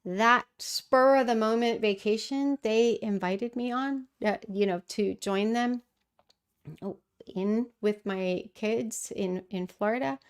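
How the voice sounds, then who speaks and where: A middle-aged woman hosts a casual livestream, her voice on the high side, clear and resonant, moving at a slow pace. She answers viewer questions thoughtfully, often using fillers and restarting her sentences.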